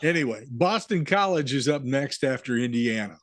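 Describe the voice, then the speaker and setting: A man's voice: medium pitch, lively intonation, normal speed, no room sound, studio quality. Wry man hosting a sports podcast. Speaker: podcast host. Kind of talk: casual sports podcast chat.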